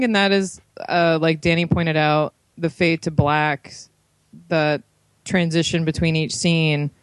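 A person in a casual film discussion, earnestly building up a point about a scene with many pauses and "like"s. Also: medium pitch, no room sound, low-quality recording.

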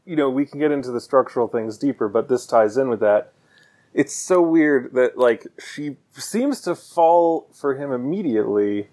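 A man from the Baltimore area, co-hosting a casual movie review chat in an animated, sarcastic way and swearing freely. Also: mid-range voice, moderate pace. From Baltimore area, United States.

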